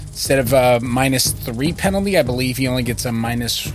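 A man playing a tabletop role-playing game, casually working through the rules out loud. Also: mid-range voice, expressive, fairly quick, music in the background. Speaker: player.

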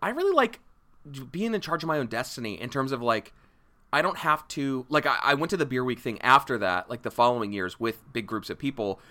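A man's voice: medium pitch, big pitch swings, a little fast, sharp tone. A man co-hosting a podcast in casual chat, rambling, laughing and swearing freely. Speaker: podcast co-host.

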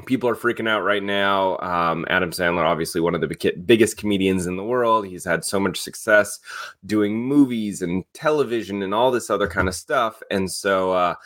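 A man's voice: low voice, moderate pace, a bit bright. A man co-hosting a celebrity news podcast, chatting casually and running through the week's stories in an upbeat way. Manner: upbeat, reads stories conversationally. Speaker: co-host. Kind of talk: casual chat and news rundown.

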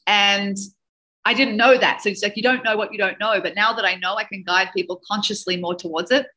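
A woman who works as a dating coach and speaker, telling a personal story with animated emotion and mixing in Hebrew and Yiddish words. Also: medium pitch, rough recording. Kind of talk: personal storytelling in a podcast interview.

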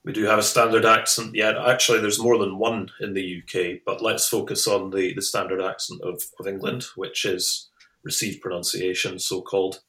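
A man's voice: low voice, little pitch movement, normal speed, bright, forceful tone. A man, a guest lecturer, explaining in an interview with small restarts. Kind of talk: interview answers. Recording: roomy echo.

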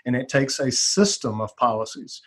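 Husky-voiced guy on a podcast, keeps driving his point home. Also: medium pitch, expressive, moderate pace. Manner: emphatic, preachy. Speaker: podcast guest. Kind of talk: casual podcast chat.

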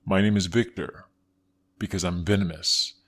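A man voicing a proud male rattlesnake in a children's podcast, speaking slowly and deliberately. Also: low-pitched, fairly even intonation, fairly bright tone, voice pushed down. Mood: indignant. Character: male rattlesnake, proud, slow hissing villain type.

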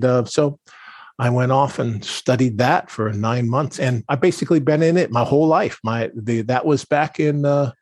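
A man's voice: medium pitch, darkish tone, dry recording, studio quality. A man talking as a podcast guest in a casual, rambling way, with lots of restarts and fillers. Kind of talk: casual conversational interview.

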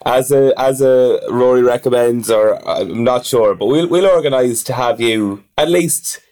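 A man's voice: medium pitch, a little slow, a little mellow. A man in casual chat, teasing his co-hosts. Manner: teasing, chatty. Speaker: podcast co-host.

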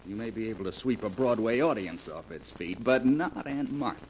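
A man's voice: lowish voice, normal speed, a little mellow, a little hiss or hum, lightly acted, poor audio. An actor playing a weak-willed young man, a dry, sardonic gambler, in 1940s radio acting style.

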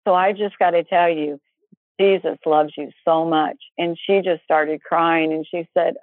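A woman guest telling personal faith stories in a casual, animated way, acting out what people said. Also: on the low side, measured pace, no echo. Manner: animated, acts out quoted voices. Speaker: guest storyteller. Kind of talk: casual testimony storytelling. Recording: tinny phone line, dry.

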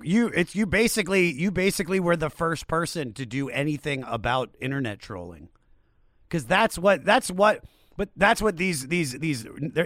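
A man's voice: fairly high pitch, a bit bright, no echo, studio quality. A man hosting a podcast, asking questions and giving his opinions in a casual, emphatic way. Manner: conversational, emphatic, swears casually. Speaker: podcast host.

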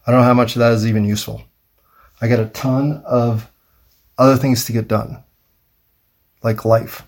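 A man rambling through a wry, self-mocking solo monologue, thinking aloud with pauses. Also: medium pitch. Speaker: vlogger.

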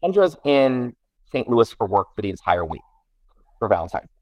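A man's voice: medium pitch, moderate pace, no room sound, muffled recording. A middle-aged man, a guest parent, telling a casual story with many restarts and self-corrections. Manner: rambling, self-correcting, animated.

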